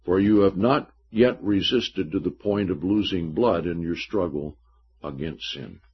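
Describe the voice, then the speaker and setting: Slow husky male preacher, lo-fi. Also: sits low. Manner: slow, emphatic Bible teaching with scripture readings. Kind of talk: sermon. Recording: dull lo-fi recording.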